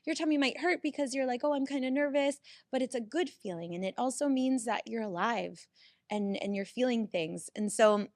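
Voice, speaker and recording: A woman's voice: fairly high pitch, normal speed, no echo, clean studio sound. A woman guest on a podcast, telling a heartfelt, rambling story in casual chat.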